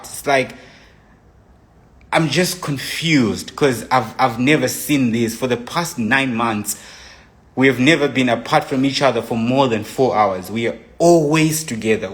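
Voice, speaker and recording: A young man speaking into his phone on a live stream, telling an emotional personal account in a rambling way, restarting and re-enacting his own texts. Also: medium pitch. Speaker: livestreamer.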